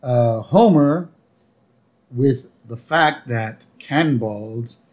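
A man's voice: mid-range voice, drawn-out words, a little mellow. A man co-hosting a podcast, casually narrating plot beats of a cartoon episode. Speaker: podcast co-host.

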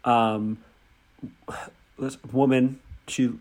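Brief: male player, mid-pitch voice, fumbling and hesitant, comic. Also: flat delivery, very slow, a little mellow. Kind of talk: playing an elf in a tabletop game.

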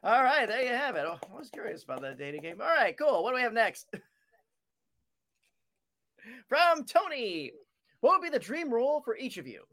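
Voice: mid-range voice, sing-song, normal speed, long pauses, a bit bright. A panel moderator reading out fan questions in an easygoing, upbeat manner.

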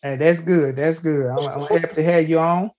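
A man hosts a podcast in a casual, folksy storytelling way. His voice sits a little higher than most men's. He keeps saying "hey" and restarts his sentences. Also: steady tone, normal speed, darkish tone. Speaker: podcast host.

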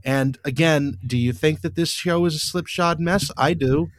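In a dry, clean studio recording, a podcast host with a fairly high-pitched voice recaps an episode at a moderate pace. He's casual and wry, rambling with lots of fillers and restarts.

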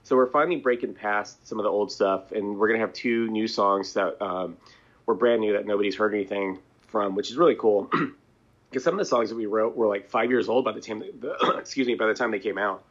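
A man's voice: fairly low pitch, brisk. A man talking at length as a guest in a casual interview, rambling and chuckling between thoughts. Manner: rambling, chatty, chuckles and clears throat. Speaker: band member, interview guest. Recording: dull lo-fi audio.

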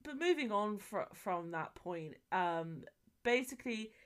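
A woman's voice: medium pitch, measured pace, clear, resonant tone. A woman co-hosting a podcast, casually retelling a film plot with swearing and frequent laughter. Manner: animated storytelling, swears, laughs often. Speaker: podcast co-host. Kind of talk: casual chat.

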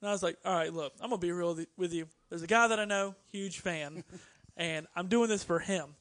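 A man co-hosting a casual podcast, telling an animated story and acting out what people said. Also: high-pitched, brisk, no room sound. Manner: animated storyteller who acts out quotes. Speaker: podcast co-host.

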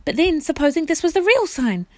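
Woman reader, expressive storybook narration, dry close sound. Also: sits high, brisk, no room sound. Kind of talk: reading a storybook aloud.

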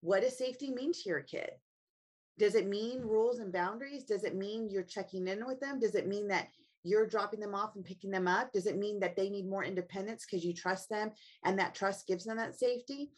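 A woman's voice: medium pitch, brisk, darkish tone. A middle-aged woman, a family coach and author, speaking earnestly as an interview guest and asking herself reflective questions. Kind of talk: interview guest, personal storytelling.

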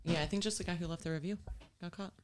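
A woman's voice: on the low side, fast. A woman in casual chat with friends, telling stories with lots of swearing and acting out what others said. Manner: animated storyteller, swears often, acts out others' lines.

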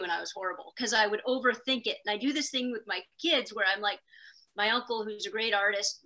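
Talk as a middle-aged woman on a podcast: keep it bright and a little high, spilling stories with self-mocking energy. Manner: animated storyteller, talks fast in bursts, self-deprecating. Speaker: podcast guest. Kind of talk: casual conversation.

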